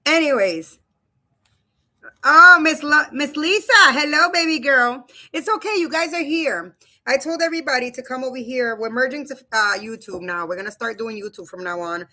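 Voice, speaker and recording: A woman's voice: sits high, normal speed, sharp tone. A woman in her thirties or forties hosting a casual live stream from home on a webcam, chatty and loose, often calling her viewers "you guys.". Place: home room.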